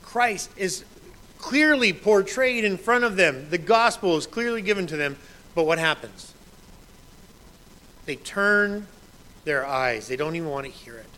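A man's voice: sits high, expressive, unhurried, long pauses, pushed and bright, poor audio. A man in his thirties, a pastor preaching a sermon in a conversational way, quoting scripture with emphasis.

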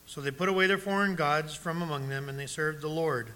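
A man preaching a sermon, reading scripture and questioning his congregation directly, sometimes dropping to a soft, low voice. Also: a little fast. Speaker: pastor.

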